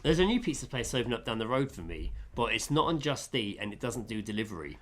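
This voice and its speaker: A man in his thirties, co-hosting a podcast. He tells a story in an animated way and voices the people in it. His pitch swings widely while he talks. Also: quick pace. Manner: animated storyteller, acts out dialogue. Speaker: podcast co-host. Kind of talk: casual chat, anecdote.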